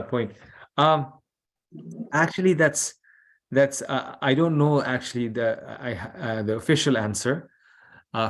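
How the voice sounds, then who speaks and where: Gentle man teaching an online class. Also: mid-range voice. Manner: gentle, unhurried explaining with fillers. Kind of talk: online scripture class on a video call.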